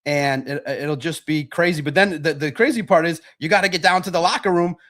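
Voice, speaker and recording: Middle-aged man, sports stream host, a bit higher-pitched, rambling and thinking aloud. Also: fairly quick. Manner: rambling, repeats himself, thinks out loud. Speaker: sports podcast host reading chat questions. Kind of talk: casual livestream chat.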